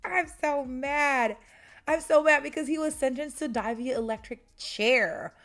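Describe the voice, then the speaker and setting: A woman's voice: high-pitched, unhurried, a bit bright. A young woman hosting a true crime channel, telling a case in a casual way and breaking off often to vent her indignation. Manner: indignant, exclaiming commentary.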